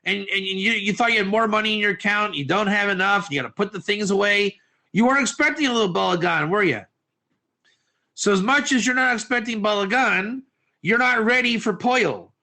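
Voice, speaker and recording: A man teaching a lively class, constantly quizzing his listeners and mixing Hebrew terms into his English. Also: sits high, brisk. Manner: animated, quizzes listeners, asks for answers. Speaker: Torah teacher.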